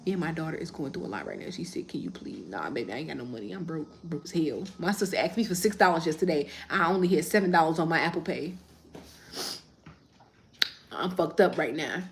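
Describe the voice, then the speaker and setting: A woman, chatting casually on a livestream and answering viewer comments as she rambles. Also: lowish voice. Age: 30s.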